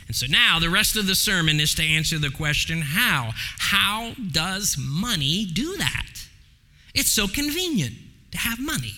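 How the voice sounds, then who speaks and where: A male pastor delivers an emphatic sermon in a bright, high, animated voice that swoops up and down. He takes his time, slowing to press each point home. The sound carries a long reverb from the church hall. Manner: emphatic, preacherly, varies pace for stress. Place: church sanctuary.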